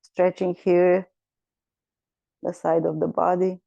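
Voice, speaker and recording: A woman guiding a gentle yoga class, giving calm, unhurried cues and breath counts. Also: on the low side, gravelly, muffled recording. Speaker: yoga teacher.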